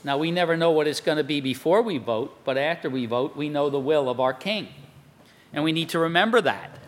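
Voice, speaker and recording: A man's voice: fairly high pitch, a little fast, a little hiss or hum. A man preaching a sermon in a conversational way, quoting scripture and asking rhetorical questions. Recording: long hall reverb.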